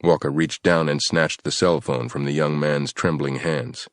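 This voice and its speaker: Very deep-voiced male audiobook narrator. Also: steady tone, moderate pace, no room sound, studio quality. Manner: tense, dramatic storytelling. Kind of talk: scripted narration.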